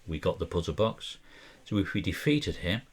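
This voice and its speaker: A man co-hosting a board game podcast, reading card rules aloud in a measured way. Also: sits low, lively intonation, husky. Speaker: podcast co-host. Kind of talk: casual board game discussion.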